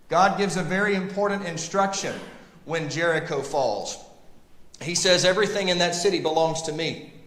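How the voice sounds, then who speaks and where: Emphatic man teaching in an echoey room. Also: mid-range voice. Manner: animated, emphatic, talks straight to the class. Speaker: Bible class teacher. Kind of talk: Bible class lecture. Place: church classroom. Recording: echoey room with long reverb.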